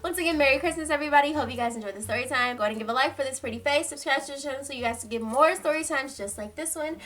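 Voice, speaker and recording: Woman, high voice, slangy storytime vlog, swears a lot. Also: very fast. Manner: animated, slangy, swears freely. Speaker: storytime vlogger. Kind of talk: casual storytime.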